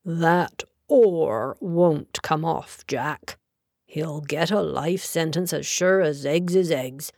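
Lady narrator doing an old grey-bearded lawyer, gruff and earnest, slow, dry sound. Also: low-pitched, a little mellow, dry recording, full character voice. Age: older. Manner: curt, earnest. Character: grey-bearded senior male solicitor, loyal and gruff.

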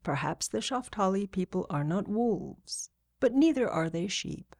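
A woman voicing a wise old male speaker for his people, talking slowly in a soft, measured way. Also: mid-range voice, animated, no echo, clean studio sound. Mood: calm.

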